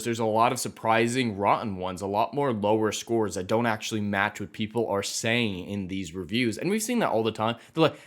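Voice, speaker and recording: A man hosting an opinionated commentary vlog, talking in an emphatic, sarcastic and indignant way. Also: medium pitch. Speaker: commentary channel host.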